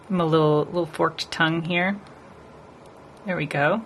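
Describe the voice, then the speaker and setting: A woman's voice: sits low, fairly even intonation, normal speed, fairly bright tone, a little hiss or hum. A woman nail artist chatting casually with her live stream viewers as she paints, rambling and talking to the chat.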